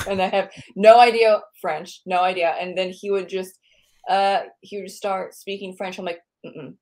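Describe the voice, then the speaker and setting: A woman's voice: mid-range voice, steady tone, normal speed, a little mellow. An American woman hosting a podcast, chatting casually in a rambling, self-correcting way. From United States. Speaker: podcast host. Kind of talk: casual interview chat.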